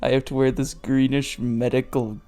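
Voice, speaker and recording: In a mid-range voice with a dark, level tone and a moderate pace, a reader reads fan fiction aloud. They keep stopping to mock the writing with sarcastic, swearing asides and laugh at the text.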